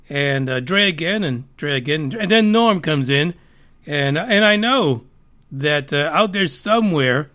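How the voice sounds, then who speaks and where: A man's voice: high voice, a bit bright. A man hosting a live podcast stream, chatting casually in a rambling, profane, joking way after a few drinks. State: tipsy from drinking. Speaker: podcast host.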